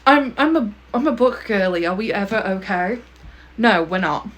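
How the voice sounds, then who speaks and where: A woman's voice: mid-range voice, animated, normal speed, a little hiss or hum. A young woman talking casually to camera about her favourite books, gushing and emphatic, often ending a point with a pointed "okay?". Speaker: book vlogger.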